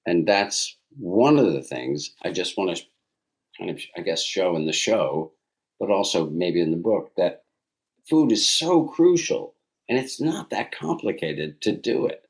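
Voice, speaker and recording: A man in his sixties with a deep, low voice that swings widely as he talks. He is a guest in a relaxed interview, an animated storyteller who slips into the voices of the people in his anecdotes. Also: a little slow, creaky. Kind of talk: casual interview conversation.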